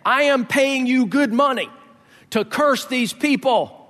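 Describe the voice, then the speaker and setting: A man's voice: very high-pitched, unhurried, a bit bright, voice pushed up. A man voicing an impatient ancient king who insists and scolds in a raised, pushy voice. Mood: exasperated. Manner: exasperated, insistent. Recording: echoey hall.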